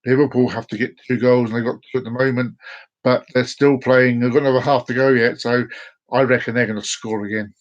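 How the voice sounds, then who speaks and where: A man's voice: mid-range voice, flat delivery, fairly quick, muffled recording. A man talking casually to camera on a live stream, rambling and repeating himself, sometimes slipping into silly voices. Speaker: vlogger doing a live stream.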